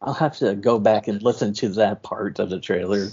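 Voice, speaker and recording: A podcast host chats casually, joking loosely and laughing often. His lowish voice is a little mellow with a breathy edge and moves at normal speed, and the podcast audio sounds dull and lo-fi.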